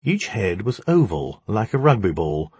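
A man's voice: lowish voice, big pitch swings, a little slow, a little mellow, husky, dry recording. A man narrating a story in a wry, dramatic storytelling manner. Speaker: audiobook narrator. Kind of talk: scripted narration.

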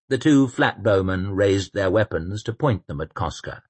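Man narrating an audiobook, low-ish husky voice, lots of ups and downs, dry close sound. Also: no echo. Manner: measured, expressive storytelling. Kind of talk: scripted narration.

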